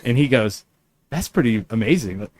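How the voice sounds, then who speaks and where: Male podcast host, lively chatty storyteller, mid-pitched, easygoing. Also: normal speed, no echo. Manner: animated storyteller, many fillers and restarts. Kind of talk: casual chat.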